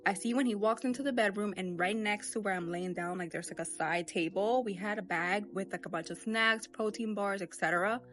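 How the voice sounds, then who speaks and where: A woman's voice: mid-range voice, brisk, hardly any pauses, fairly bright tone. A woman outdoors telling a personal encounter in a conversational way, with many fillers. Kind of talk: personal storytelling.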